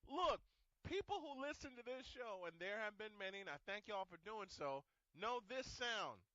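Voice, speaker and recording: A boisterous male sports talk host with a high, bright, forceful voice who laughs often and swears without a second thought. The sound is dry and a bit dull, like a lo-fi recording with no room around it. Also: very animated, moderate pace. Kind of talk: casual sports radio chat.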